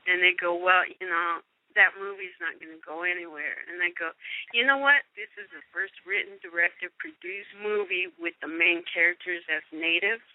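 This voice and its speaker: Animated woman on a phone line. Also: on the low side, normal speed, few pauses, dry recording. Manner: animated, acts out quotes, laughs often. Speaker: guest actress. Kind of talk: casual storytelling interview.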